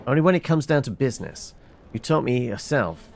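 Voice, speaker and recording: Lively man reading game dialogue aloud. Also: medium pitch, a little fast, gravelly, slight background noise. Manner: reads all characters, stumbling with fillers.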